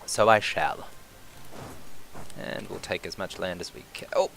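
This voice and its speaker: Let's-play commentator: man, bright, excitable, casually profane, thinks aloud. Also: deep voice, measured pace, vocal fry, slight background noise. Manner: swears casually. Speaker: gameplay commentator.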